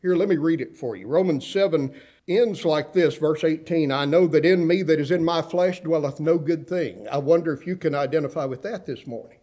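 A man's voice: a little fast, dark tone. A man preaching a sermon, talking straight to his congregation and swinging his voice up and down when he quotes scripture. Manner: dramatic swings in pitch and volume when quoting scripture; conversational, asks the congregation direct questions. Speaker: pastor.

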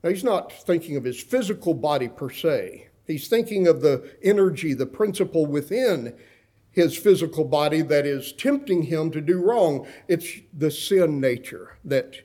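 A man's voice: expressive, moderate pace, dark tone. A man preaching a sermon, talking straight to his congregation and swinging his voice up and down when he quotes scripture. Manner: dramatic swings in pitch and volume when quoting scripture; conversational, asks the congregation direct questions. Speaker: pastor.

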